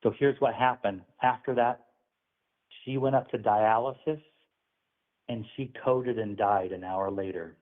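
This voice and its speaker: A man's voice: fairly low pitch, fairly even intonation, a little slow, pauses often. Earnest preaching man on a phone line. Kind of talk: religious testimony on a call.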